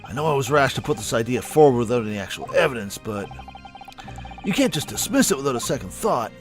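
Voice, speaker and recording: A male streamer talks through a game in a loose, joking way, cursing now and then. His voice is mid-pitched and lively. Faint game music plays underneath. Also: quick pace. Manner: casual, joking, swears freely. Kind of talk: casual let's-play commentary.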